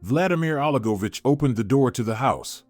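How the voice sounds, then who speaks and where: A man reading a dramatic story aloud in an even, measured storytelling manner. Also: mid-range voice, dry recording, faint music behind. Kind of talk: scripted story narration.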